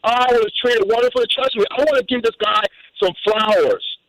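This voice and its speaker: A man calling in to a radio show, telling a personal story in an animated way, with repeated words and restarts. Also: very high-pitched, brisk, background noise. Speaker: caller.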